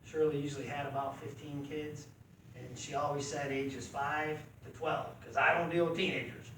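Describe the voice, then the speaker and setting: Middle-aged man, folksy animated storyteller, slightly high voice, echoey room from far off. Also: moderate pace, background noise. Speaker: club member. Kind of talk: storytelling at a club meeting. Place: meeting room.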